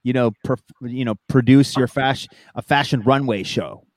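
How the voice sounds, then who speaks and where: A man's voice: mid-range voice, moderate pace, no room sound. A man hosting a podcast, riffing and joking with laughs in a casual chat. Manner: jokey, riffing, laughs often. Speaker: podcast host.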